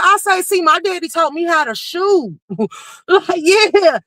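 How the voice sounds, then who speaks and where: High, bright-voiced woman ranting. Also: dry recording, rough recording. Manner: animated, profane, quick to raise her voice. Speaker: livestream commentary host. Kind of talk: casual storytelling rant.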